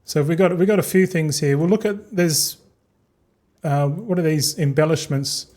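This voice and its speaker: Casting: young male streamer, slightly high voice, loose, sweary, chatty. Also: moderate pace, a little mellow. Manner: rambling, swearing, talks to chat. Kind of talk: casual livestream chat.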